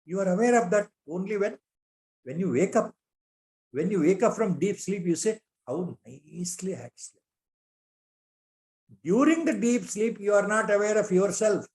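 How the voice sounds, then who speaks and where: A man's voice: high-pitched, expressive, normal speed, darkish tone. Indian man giving a spiritual lecture. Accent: Indian English. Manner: repeats rhetorical questions, sprinkles Sanskrit terms. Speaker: lecturer on scripture.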